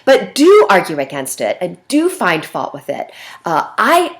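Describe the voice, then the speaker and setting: A middle-aged woman giving a recorded lecture in a lively, conversational way, often checking in with "right?". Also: on the low side, measured pace. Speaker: instructor.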